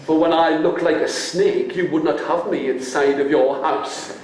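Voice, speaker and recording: A man voicing a proud young man from a folk tale, speaking low and measured. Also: steady tone, a little mellow, recorded from a distance, a little hiss or hum, lightly acted. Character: proud young man, once a snake, calm. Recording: echoey room.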